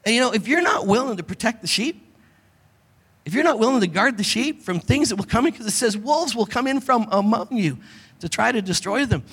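A middle-aged man preaching as a pastor, telling animated stories and acting out the lines he quotes. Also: very high voice, a little fast, slightly rough. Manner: animated storytelling, acts out quotes. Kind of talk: sermon. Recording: long reverb of a hall.

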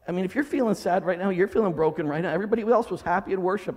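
A male pastor preaching a sermon in a church hall, dramatic, swinging from loud cries to low murmurs. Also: very fast, hardly any pauses.

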